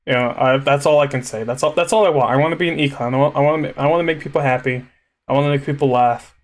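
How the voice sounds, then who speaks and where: A man's voice: medium pitch, fast. A young man, a vtuber, rambling casually and self-consciously at his computer mic, stammering through restarts and turning emotional as he thanks viewers. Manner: laughs nervously, grows emotional. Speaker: vtuber gaming streamer.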